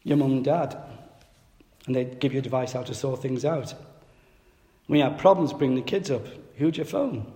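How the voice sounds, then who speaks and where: A man preaching a sermon, telling a funny story from his boyhood with lively, self-mocking humor. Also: mid-range voice, moderate pace, pauses often. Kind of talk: sermon with humorous personal anecdote. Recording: echoey hall with long reverb.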